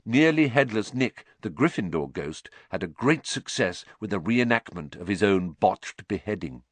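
A man narrating a storybook in an expressive, lively storytelling manner. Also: fairly low pitch, normal speed, no room sound. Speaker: audiobook narrator.

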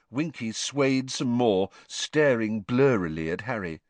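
Lively man narrating a storybook. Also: fairly low pitch, moderate pace, hardly any pauses, no room sound. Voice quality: expressive storytelling delivery. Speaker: audiobook narrator. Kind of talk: scripted narration of a novel.

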